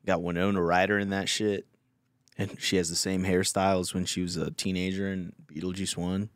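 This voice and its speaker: A man's voice: sits low, flat delivery, fairly quick, no room sound, studio quality. A young man hosting a podcast, telling a rambling, profane story in casual chat. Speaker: podcast host.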